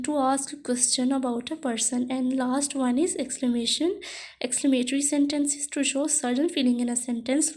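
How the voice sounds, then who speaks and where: A woman teacher giving a grammar lesson, explaining slowly, repeating herself and reading example sentences. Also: sits high, darkish tone.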